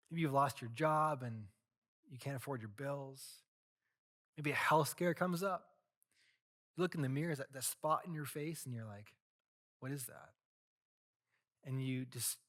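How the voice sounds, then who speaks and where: A male pastor preaching a sermon, telling a story and acting out the voices in it, dropping to a hush and then rising loud. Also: mid-range voice. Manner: storytelling, acts out quoted voices, swings from hushed to loud.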